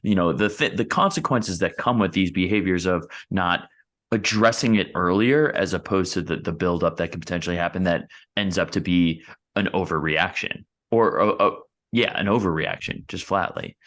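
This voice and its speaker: A man's voice: low-pitched, moderate pace, fairly bright tone. A man co-hosting a podcast in casual chat, talking at length while searching for his words. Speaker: podcast co-host.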